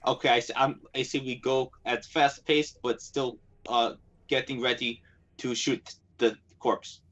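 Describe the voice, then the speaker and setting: A man's voice: medium pitch, steady tone, unhurried, fairly bright tone, muffled recording. A man playing a tabletop horror game, talking in a casual, hesitant, stammering way. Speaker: player.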